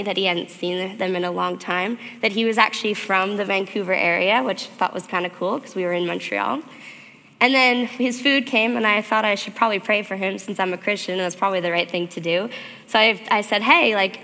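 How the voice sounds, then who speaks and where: A woman stands before a church and tells her own story in an earnest, animated way. Her voice is sharp and bright with a gravelly edge. The sound trails off into the long reverb of the church hall. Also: medium pitch. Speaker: church speaker. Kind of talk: personal testimony sermon.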